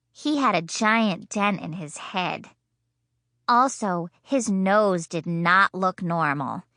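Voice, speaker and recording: A woman's voice: medium pitch, fairly bright tone, dry recording. A woman reading a children's audiobook in a bubbly, childlike first-person voice, in a studio. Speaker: audiobook narrator.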